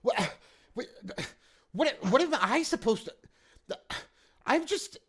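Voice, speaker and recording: A man's voice: medium pitch, animated, a little slow, a bit bright. A man playing a stammering, flustered town mayor. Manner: stammering, dismissive, easily flustered. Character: pompous, flustered middle-aged male town mayor.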